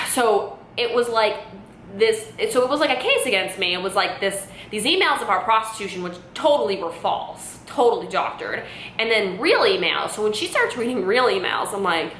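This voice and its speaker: A woman's voice: sing-song, moderate pace, a bit bright. A young woman vlogger telling a personal story candidly, rambling, with lots of "like" and "you know". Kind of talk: storytime vlog. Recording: echoey room with faint rumble.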